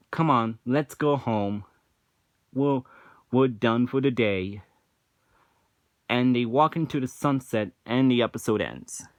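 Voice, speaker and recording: A man talks through a casual review at an unhurried pace, circling back over his words with lots of restarts and fillers. He sounds unimpressed and dismissive throughout. The sound is close and dry, with no room around it. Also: mid-range voice, no echo. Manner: rambling, frequent restarts and filler "like".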